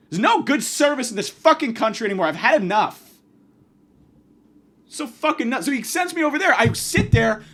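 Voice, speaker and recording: A man's voice: very high voice, sing-song, brisk, fairly bright tone. A man doing a comedic monologue, ranting angrily and profanely, acting out the people he quotes.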